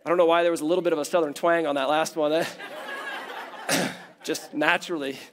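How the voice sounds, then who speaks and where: Male pastor, sermon delivery, emphatic builds and soft drops, voice a bit high. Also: steady tone, a little fast, long pauses. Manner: emphatic, builds in repeated phrases, then drops quiet.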